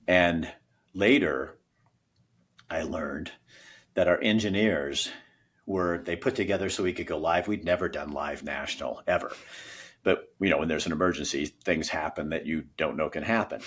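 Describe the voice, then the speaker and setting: Deep, husky middle-aged man, emotional storyteller. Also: moderate pace, fairly bright tone. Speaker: guest, former news anchor. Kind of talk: storytelling in a conversation.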